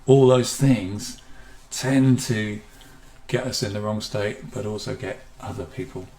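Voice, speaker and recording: A man talks through a live online health seminar in a fairly low voice. The room around him rings with echo. He often slows and softens his delivery to show how calm speech sounds. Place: room at home with a guitar behind.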